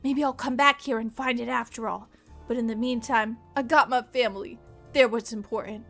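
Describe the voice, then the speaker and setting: A woman's voice: a little high, steady tone, normal speed, a bit bright, faint music behind. A woman voicing a struggling male treasure hunter from the 1930s, reading his journal aloud with a tough-guy gangster drawl. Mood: weary, rueful.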